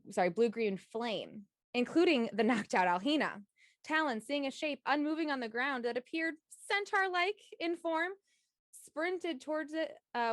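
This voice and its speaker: A woman's voice: fairly high pitch, fairly bright tone, no echo, studio quality. A woman in a tabletop game stream reading an upbeat recap of the last session, now and then stumbling and correcting herself. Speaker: player giving the session recap.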